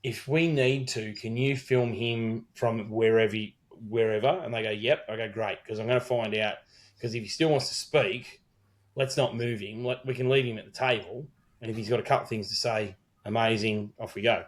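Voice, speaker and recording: A man's voice: mid-range voice, fairly even intonation, normal speed. A middle-aged Australian man, a wedding celebrant, co-hosting a podcast and telling a rambling story full of quoted dialogue and swearing. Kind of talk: casual storytelling chat.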